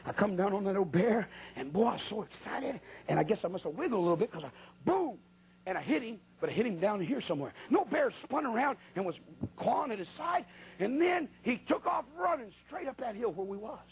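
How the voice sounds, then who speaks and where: A man's voice: sits high, sing-song, a little fast, creaky, slightly rough, poor audio. A man preaching in a church, telling a folksy, colloquial story as part of a sermon. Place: church at a pulpit.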